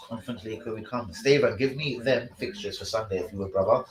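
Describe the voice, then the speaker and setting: A man hosting a casual live stream, sweary and excitable, talking to his chat about football. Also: medium pitch, fast, echoey room, rough recording.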